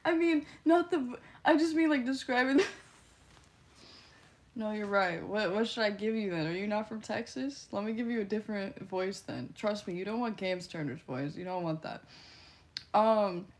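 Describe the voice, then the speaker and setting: A woman's voice: medium pitch, normal speed, a little mellow. A young woman streaming live, reading out viewer comments and replying in a teasing way, laughing a lot. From Canada. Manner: giggly, teasing, often laughing between lines. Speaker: livestreamer.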